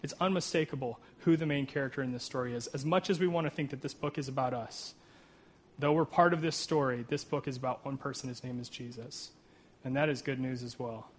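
A man's voice: medium pitch, fairly even intonation, fairly quick. Earnest man preaching a sermon. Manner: earnest, with frequent "right?" asides and self-deprecating humor; reads scripture aloud with rising emphasis. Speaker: pastor.

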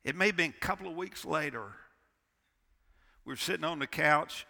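A pastor in his sixties preaching an impassioned sermon, swinging between loud and hushed. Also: a little high, moderate pace, vocal fry. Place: church sanctuary. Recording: long church reverb.

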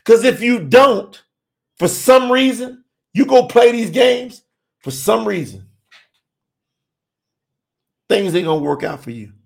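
A man preaching an urgent sermon, shouting and pleading with his listeners. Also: very high voice, lively intonation, slow, gravelly, long pauses. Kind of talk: fiery sermon.

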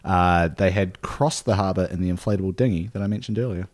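A man's voice: low-pitched, quick pace. Laid-back New man narrating. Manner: relaxed, laid-back retelling with frequent fillers. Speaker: podcast co-host. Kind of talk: casual storytelling podcast.

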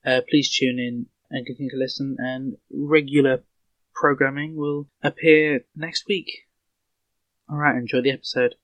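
A man's voice: medium pitch, little pitch movement, normal speed, a bit bright. A man hosting a podcast, talking casually and apologetically through a slightly tinny webcam-type microphone. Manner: apologetic, easygoing. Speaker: podcast host.

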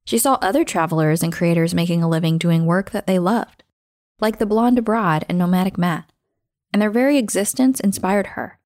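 A woman hosting a show, reading a scripted story in a measured, expressive way that slows down for emphasis. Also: on the low side, no room sound, clean studio sound. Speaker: podcast host and narrator.

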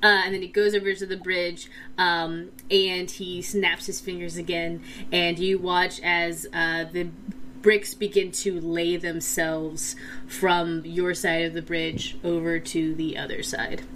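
A woman runs a tabletop game at an unhurried pace. Her voice is bright and clear, with a faint hiss underneath. She narrates loosely and keeps things relaxed. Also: lowish voice. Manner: relaxed, laughing, full of fillers. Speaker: dungeon master.

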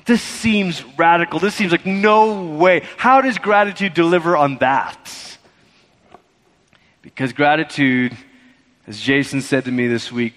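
A man preaching with a bright, high-pitched voice and an animated, conversational delivery, slipping into quoted voices as he goes. His words ring out with a long reverb from a large hall. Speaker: pastor. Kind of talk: sermon.

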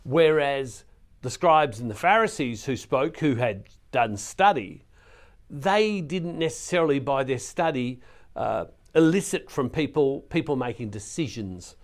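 A man's voice: medium pitch, expressive, normal speed. Earnest male Catholic preacher. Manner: earnest, repeats words and restarts, reads scripture aloud with more force. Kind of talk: reflective scripture teaching.

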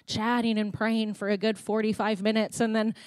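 A woman's voice: medium pitch, level tone, normal speed, dry recording. A woman with a Canadian accent preaching a sermon in a church, telling stories in a chatty way and acting out conversations. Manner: chatty storytelling, reenacting conversations.

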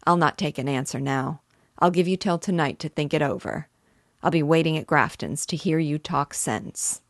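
Woman reading as a smooth scheming cattle baron. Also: deep voice, normal speed, no room sound, studio quality. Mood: persuasive. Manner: smooth, persuasive. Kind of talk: reading a novel aloud.

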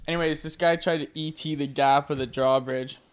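A man's voice: a little high, fairly even intonation, brisk, clear, resonant tone. A young man from Canada, co-hosting a podcast, making wry, sarcastic asides in casual, profane chat. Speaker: podcast co-host.

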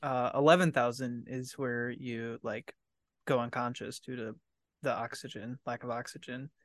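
A man's voice: medium pitch, fairly even intonation, normal speed, no echo, clean studio sound. A man chatting casually as a podcast guest, rambling and laughing often. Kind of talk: casual chat.

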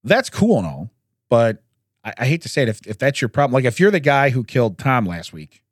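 A man hosts a podcast in a relaxed, chatty way, his voice swinging widely up and down in pitch. He often laughs and clears his throat between stories. The sound is dry and close. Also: fairly quick, no room sound. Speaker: podcast host. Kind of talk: casual chat, recounting news stories.

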